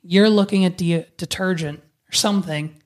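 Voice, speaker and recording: A young adult woman hosting a casual podcast, chatty and quick to tell stories, swearing freely. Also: on the low side, darkish tone. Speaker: podcast host.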